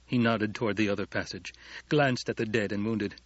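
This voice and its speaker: A man narrating a novel as an audiobook, in steady storytelling. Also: fairly low pitch, normal speed, no echo. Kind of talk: scripted narration. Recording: dull lo-fi audiobook recording.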